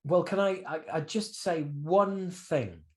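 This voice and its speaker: A man in his fifties, a guest musician telling stories animatedly in a candid interview, swearing freely. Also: takes it slowly. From United Kingdom. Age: 50s. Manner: animated storyteller with swings in pitch and loudness, swears freely.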